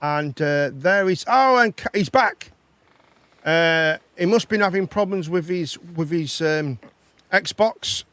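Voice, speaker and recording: A man's voice: on the high side, slow, a bit bright, no room sound. A man hosting a live chat show and phone-in, chatty and teasing, and he laughs often. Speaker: host.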